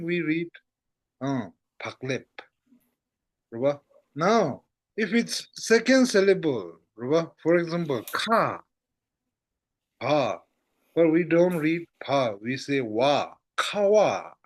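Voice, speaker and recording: A man's voice: on the high side, very animated. A man teaching an online language lesson, patient and repetitive, often checking whether students follow. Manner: slow, patient, repeats checks like "how goes, no?". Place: online class over a shaky internet connection.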